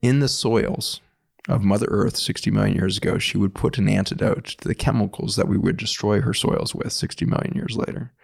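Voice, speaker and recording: A man, a doctor, telling an earnest, animated story in conversation and acting out the people in it. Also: on the low side, a little fast, creaky, slightly rough. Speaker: doctor guest.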